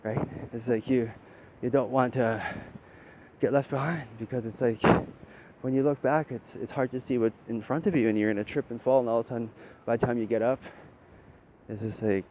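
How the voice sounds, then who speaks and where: Dull lo-fi audio with a faint rumble carries this spiritual talker, whose voice is dark and steady and moves a little fast. He rambles on about spiritual matters, cursing casually and tacking "right?" onto many of his points.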